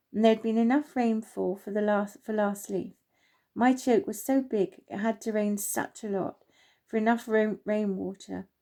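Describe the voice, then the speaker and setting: A woman gently reading her own children's story aloud, unhurried, with small slips. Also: mid-range voice.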